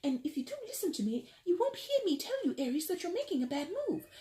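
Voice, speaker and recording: A tarot reader voicing a sweet little grandma syrup-bottle lady with a tiny British voice, quick and insistent. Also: sits high, very animated, mellow, voice pushed up. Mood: sweetly insistent.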